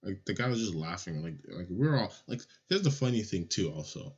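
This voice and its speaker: A young man from Nigeria telling a childhood story in a casual, animated, profane way. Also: deep voice, brisk, husky. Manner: animated, swears a lot, acts out voices. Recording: lo-fi audio.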